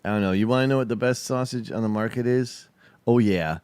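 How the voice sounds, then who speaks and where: A man's voice: medium pitch, a little fast, a little mellow, clean tone, no room sound. A man hosting a casual livestream, chatting about a video in a profane, rambling, laid-back way. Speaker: show host.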